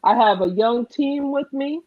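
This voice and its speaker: Earnest woman with a New Jersey accent, a candidate on a panel, a bit high-pitched, slightly muffled line. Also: unhurried, slight background noise. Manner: earnest, emphatic, says "right?" often. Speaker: political candidate. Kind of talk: online panel conversation.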